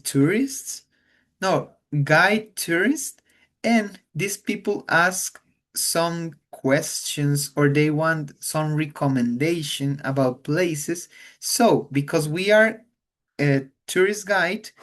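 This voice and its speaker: Man teaching English, unhurried and careful, repeats words so students hear them. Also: a little high, a bit bright. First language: Spanish. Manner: slow, patient, repeats words to model pronunciation. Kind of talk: online English class.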